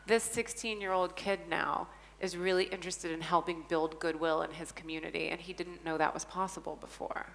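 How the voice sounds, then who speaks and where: Speaking at a conference panel, this woman shares a story with earnest enthusiasm and emphatic stresses. She has a lowish, slightly bright voice with vocal fry, a steady tone, and a somewhat fast pace, all carried by the hall's long reverb.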